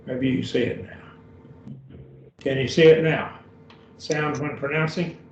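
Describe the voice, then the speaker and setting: Man, Greek teacher, slow patient delivery, gravelly voice, roomy distant dull sound. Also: medium pitch, slight background noise. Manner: slow, patient, repeats words. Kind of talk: beginner Greek class over a video call.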